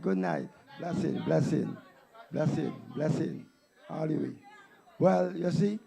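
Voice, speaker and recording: Man, gravelly creaky voice, high pitch, taunting rally speech. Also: dark tone. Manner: taunting, scornful. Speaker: political rally speaker.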